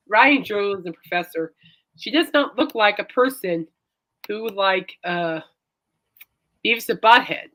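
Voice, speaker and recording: A woman's voice: mid-range voice, pushed and bright. A woman hosting a casual chat show, rambling and laughing often. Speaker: host.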